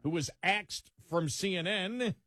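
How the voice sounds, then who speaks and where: A man with a Buffalo accent co-hosts a radio talk show, chatting loosely and conversationally. His voice is slightly husky and sits a little high, and the studio sound is dry and close. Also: unhurried, sharp tone, no room sound. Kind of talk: casual on-air chat.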